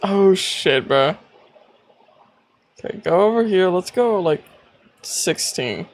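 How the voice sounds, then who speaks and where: Excitable streamer guy, unhurried drawl. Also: high voice. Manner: excitable, gasping and squealing with laughter; swears casually. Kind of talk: casual live-stream commentary.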